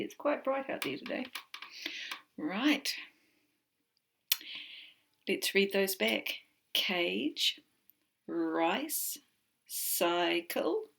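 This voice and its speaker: A woman with a New Zealand accent teaching an online phonics lesson from home, slowly sounding out letters and words. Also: medium pitch, vocal fry, fairly bright tone, slightly rough. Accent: New Zealand English.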